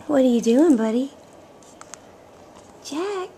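A woman's voice: high-pitched, lively intonation, slow pace, warm tone, a little hiss or hum. A woman cooing doting baby talk with kissing sounds at home, filmed on a home video camera. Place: home, indoors.

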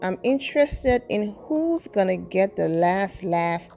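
A woman hosting a celebrity gossip channel, reading viewers' comments aloud and reacting with quick, animated asides. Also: medium pitch, gravelly, faint music behind.

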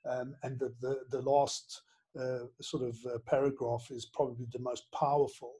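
A middle-aged man, a former headmaster and author, reflecting in an interview with many pauses and restarts. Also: mid-range voice, little pitch movement, dark tone. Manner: halting, many restarts, earnest and emotional.

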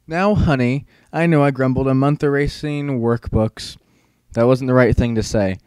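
A man's voice: medium pitch, normal speed, darkish tone, smooth, dry recording, natural voice. A man voicing a sinister female teacher. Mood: menacing. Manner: clipped, sugary then threatening. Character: menacing middle-aged female teacher, cold and sinister.

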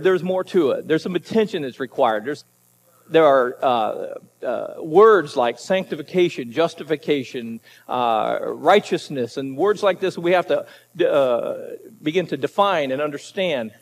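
A male pastor preaching a conversational, emphatic sermon with a Southern American accent. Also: on the high side.

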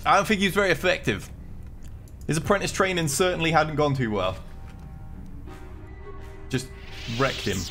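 A man's voice: on the high side, normal speed, long pauses, fairly bright tone, faint music behind. A man chatting through a live game stream, jittery from coffee, joking and reading game lines aloud. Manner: chatty, jokey, reads game dialogue aloud. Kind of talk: live gameplay commentary.

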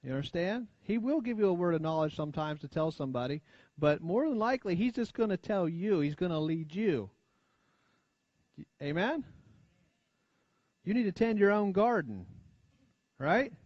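In a sing-song voice, slightly high and muffled on a dull lo-fi recording, an American pastor gives a sermon in a church sanctuary at a moderate pace with long pauses. The sound is close, dry and echo-free, and his chatty delivery invites frequent amens while his voice drops quiet and low for emphasis.

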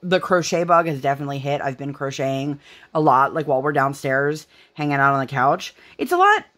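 A woman's voice: deep voice, very animated, fairly quick, fairly bright tone. A young woman hosting a craft channel, chatting casually while she works on a project at home, rambling with lots of fillers.

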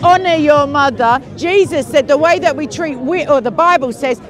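A woman's voice: high voice, some chatter behind. Cheeky woman debating on the street. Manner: cheeky, quick-witted, teasing. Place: outdoors on a busy city street.

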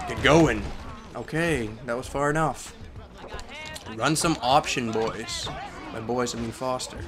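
A young man commentating his own football video game, trailing off into mumbles and then bursting into angry yells at the players. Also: medium pitch. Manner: swings from mumbling to yelling at the game. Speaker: gaming commentator. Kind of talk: let's play commentary. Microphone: headset or desk microphone.

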